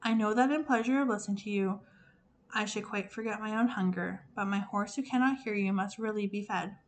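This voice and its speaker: Casting: a testy, starving young prince, read by a woman, pitched a little lower, quiet and clipped. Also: fairly quick, close to an everyday voice. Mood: polite. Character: hungry, impatient young prince, vain about himself.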